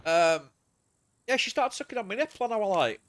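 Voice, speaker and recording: A man's voice: high-pitched, animated, brisk, fairly bright tone. A man, streaming a game and rambling crudely in casual chat.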